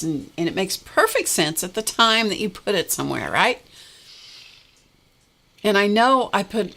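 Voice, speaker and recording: A woman's voice: fairly low pitch, a bit bright. A middle-aged woman hosting a craft livestream, chatting in a rambling way and greeting viewers by name. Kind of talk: casual livestream chat.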